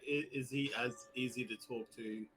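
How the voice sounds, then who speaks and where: A man, playing a character in a tabletop game, with halting stammering restarts. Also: medium pitch, steady tone, music in the background. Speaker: player.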